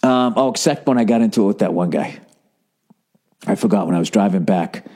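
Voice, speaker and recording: A man's voice: fairly low pitch, fairly quick, mellow, slightly rough. A man, a comedian, telling a story in a casual, profane, self-mocking monologue.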